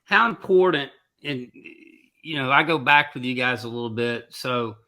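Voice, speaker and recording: Bright-voiced male interviewer. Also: mid-range voice, normal speed. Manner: asks long, winding questions. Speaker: podcast host. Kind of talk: interview questions.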